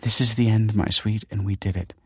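A man reading an audiobook, voicing a dying woman who speaks softly and tenderly to her husband. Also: fairly low pitch, moderate pace, dry recording, clean studio sound, lightly acted. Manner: soft, gentle, quavering. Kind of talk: audiobook character voice.

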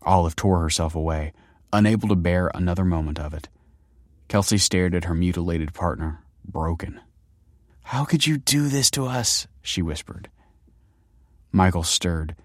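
A man narrating a dark, scripted story in a steady, grave manner. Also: low voice, normal speed, no room sound, studio quality.

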